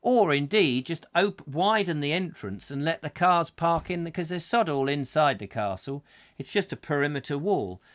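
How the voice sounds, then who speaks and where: A man's voice: a little high, expressive, moderate pace. A man with a rambling, self-mocking manner, hosting a comic live chat show and full of fillers and asides.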